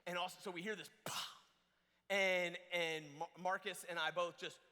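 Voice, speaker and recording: Bright-voiced man preaching in an echoing hall. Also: high voice, normal speed, clean tone. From Georgia, US. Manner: animated, many restarts and fillers. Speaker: youth camp speaker. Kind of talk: storytelling sermon. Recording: long hall reverb.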